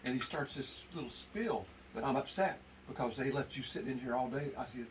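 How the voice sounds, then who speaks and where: A man telling an animated story to a men's meeting, laughing as he talks. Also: mid-range voice, brisk. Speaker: testimony speaker at men's meeting. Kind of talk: casual storytelling to a group. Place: indoor meeting room. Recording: distant mic with background noise.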